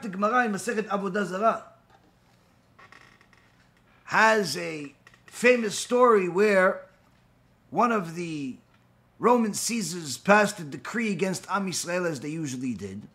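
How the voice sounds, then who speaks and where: A man gives an animated Torah lecture, retelling Talmud stories and voicing the people in them. His voice sits high and bright, with wide, lively swings in pitch. The delivery is dramatic and storytelling-driven. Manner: dramatic storyteller, acts out the characters' lines. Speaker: rabbi teaching a Torah class.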